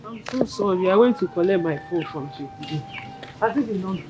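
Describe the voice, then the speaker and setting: A woman's voice: fairly low pitch, expressive, a little fast, music in the background, close to an everyday voice. A Nigerian woman acting as a wife left at home who plans to start a business. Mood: hopeful. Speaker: wife whose husband left for the city. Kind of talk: Nollywood film acting.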